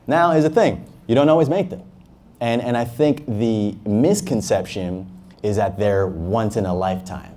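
A man's voice: fairly low pitch, normal speed, mellow. A young man from Harlem, a guest at a fireside chat, talking about his path in business in an emphatic, motivational way with casual swearing. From Harlem, New York. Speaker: entrepreneur, interview guest.

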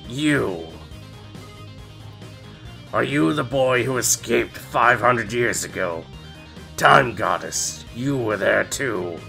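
A man voicing a menacing male evil lord who talks slowly and mockingly. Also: medium pitch, vocal fry, sharp tone, faint music behind, heavily acted. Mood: taunting. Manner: sneering, slow and mocking.

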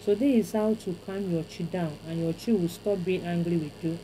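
A woman's voice: lowish voice, dark tone, slight background noise, poor audio. A woman with a Nigerian accent teaching a spiritual ritual step by step, repeating phrases and chanting invocations. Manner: chanting invocations, deliberate repetition.

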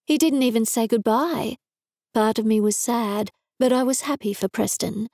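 A woman's voice: a little high, moderate pace, a little mellow, dry recording. A woman reading a first-person novel aloud in a dry, wry manner, recorded close to a studio mic. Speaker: audiobook narrator. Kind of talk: scripted narration.

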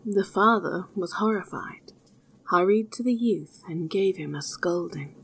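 A woman calmly narrating a folk tale in a measured storytelling voice. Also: lowish voice, slightly rough.

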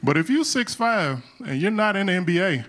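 A man's voice: sits high, very animated, a little fast, fairly bright tone. A young adult man doing a live stand-up routine on a comedy club stage, talking loosely and conversationally with slangy asides.

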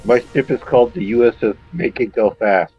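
A man chatting on a casual gameplay live stream as a co-player, jokey and quick to laugh at himself, over dull lo-fi voice chat audio. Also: mid-range voice, soft background music. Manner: jokey, laughs at his own jokes.

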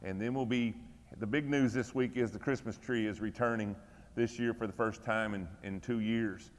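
A middle-aged male pastor gives church announcements and prayer requests in a folksy, easygoing way. His voice sits low and sounds relaxed. A long reverb from the church room trails after his words. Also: normal speed. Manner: folksy, conversational, encouraging.

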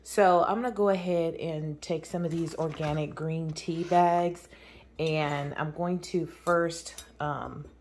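A chatty woman talks to her viewers in a casual home vlog. Her voice sits a little low, and she jokes and laughs easily as she goes. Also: fairly even intonation, slow pace, a little mellow, a little hiss or hum. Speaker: vlogger.

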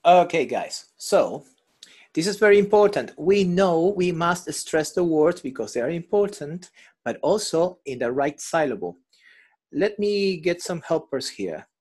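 A man's voice: fairly high pitch, very animated, a little slow, darkish tone. A male English teacher running an online class over a video call, patiently explaining and repeating examples.

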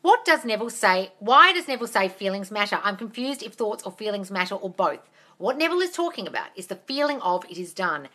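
A woman's voice: medium pitch, sing-song, fairly quick, sharp tone. A woman hosting a casual live Q&A on a phone stream, blunt and sweary, calling her viewers darling. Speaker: manifestation coach hosting a live Q&A.

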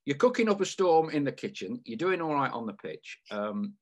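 Husky-voiced male podcast host. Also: mid-range voice, very animated, normal speed. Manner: chatty, meandering questions with fillers. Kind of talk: casual interview.

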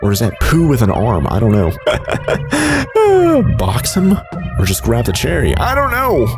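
A man giving excitable gameplay commentary, reacting loudly and laughing often. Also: medium pitch, a little slow. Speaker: let's play gamer. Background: game music.

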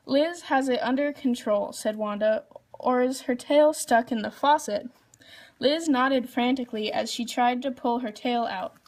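A woman's voice: on the high side, unhurried. A woman reading a children's storybook aloud, lifting her voice for the characters' lines. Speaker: reader.

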